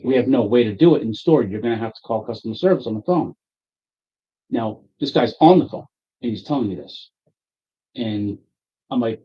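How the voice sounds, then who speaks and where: Husky man telling a profane story. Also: mid-range voice, normal speed. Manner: animated, profane, acts out his own quoted outbursts. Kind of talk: casual storytelling among friends. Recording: dull lo-fi audio.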